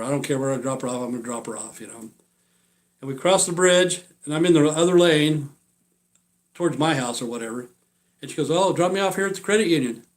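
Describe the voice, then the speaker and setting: Telling a long story from his own life on a live stream, a man in his sixties speaks in a fairly high voice. He rambles bluntly with plenty of swearing and fillers, his phrases often fading out quietly at the end.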